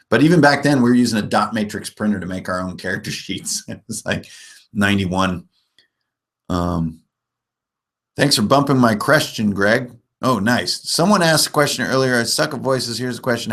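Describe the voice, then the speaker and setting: A man's voice: lowish voice, fairly bright tone. A man in his forties hosting a live stream, chatting casually and rambling with jokes and self-mocking laughs. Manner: rambling, jokey, often laughing at himself. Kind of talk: casual live chat about tabletop gaming.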